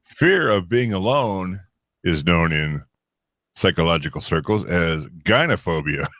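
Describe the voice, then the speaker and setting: A man co-hosting a casual podcast, reading out quiz questions in an animated way, swearing and laughing often. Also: low-pitched, measured pace, no room sound. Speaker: co-host running a quiz. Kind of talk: casual banter.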